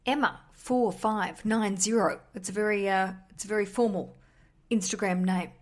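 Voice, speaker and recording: A woman's voice: medium pitch, steady tone, normal speed. Chatty Australian woman hosting a podcast. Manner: chatty and candid, swears freely. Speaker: podcast host. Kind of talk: casual storytelling monologue.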